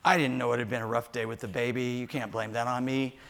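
A man in his sixties telling a funny story in a sermon, animated and jokey, acting out voices. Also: medium pitch, quick pace. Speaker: pastor.

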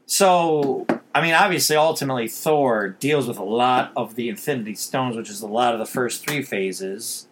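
A man's voice: medium pitch, moderate pace, few pauses, noisy background. Guy rambling thru a movie recap, lots of uhs and restarts, casual podcast chat. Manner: rambling, with many restarts and fillers. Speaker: podcast host recapping a film.

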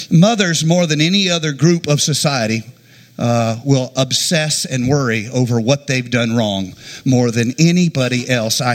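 A middle-aged man preaching a sermon, telling a funny childhood story and acting out the voices in it. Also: a little high. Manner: animated, jokey, acts out quotes. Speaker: pastor.

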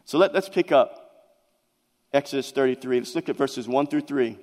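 A man's voice: mid-range voice, moderate pace, a little mellow. A man preaching a sermon to his congregation, earnest and emphatic, often stumbling and restarting his words. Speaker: pastor. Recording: long reverb of a large hall.

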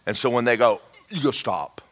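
A man preaching a storytelling sermon, folksy and animated, with joking asides and sudden shouts. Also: fairly low pitch, normal speed.

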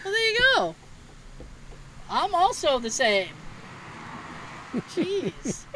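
A woman's voice: sits high, very animated, drawn-out words, noisy background. A young woman chatting casually as a podcast co-host, telling stories, acting out the quotes and laughing often. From Massachusetts. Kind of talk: casual chat.

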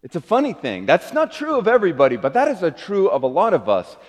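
A middle-aged man preaching a sermon as a pastor, earnest, rising to emphatic peaks and dropping to soft low phrases. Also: huge pitch swings, fast talker. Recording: long hall reverb.

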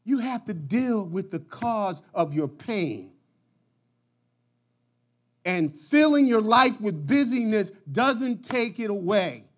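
High-voiced preaching man. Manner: impassioned preaching, swinging from quiet to shouting; jokes, laughs. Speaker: pastor. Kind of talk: sermon.

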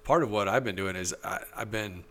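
A man co-hosting a podcast, chatting casually in a halting, easygoing way full of fillers. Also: fairly low pitch, a bit bright. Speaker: podcast co-host. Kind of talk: casual chat.

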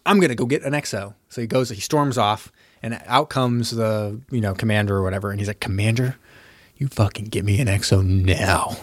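A man co-hosting a casual podcast, retelling an old war film and acting out the characters' lines in an animated, profane way. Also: lowish voice, a little fast, no room sound, studio quality. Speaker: podcast co-host. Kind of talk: casual chat recapping a movie.

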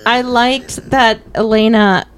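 A woman's voice: fairly high pitch, fairly even intonation, takes it slowly. A woman co-hosting a podcast, chatting casually about a movie with many fillers and restarts. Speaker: podcast co-host.

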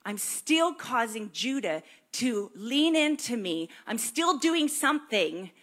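A woman preaching a sermon, animated and conversational, acting out prayers and questions to God. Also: fairly high pitch, slow. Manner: animated, acts out prayers and voices in quotes.

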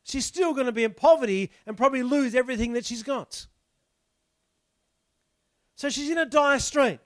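His pitch is extremely high and his pace normal as this man preaches in a chatty, conversational style. He explains the text and keeps asking his listeners rhetorical questions. No echo is present in the recording.

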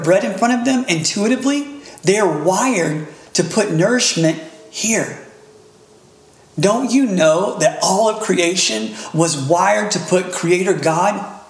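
A middle-aged man preaching a sermon as pastor, animated and building to emphatic peaks. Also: sits high, unhurried. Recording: echoey room.

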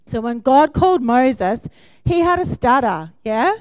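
Bright-voiced woman preaching. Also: sits high, very animated, a little slow, clean tone, no echo. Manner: warm, conversational preaching with frequent "yeah?" check-ins and laughs. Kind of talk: sermon.

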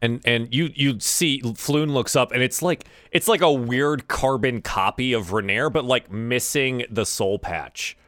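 A man's voice: medium pitch, a little slow, hardly any pauses, fairly bright tone, no room sound. Rambling male game master. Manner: rambling, many fillers and restarts. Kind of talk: narrating a tabletop game.

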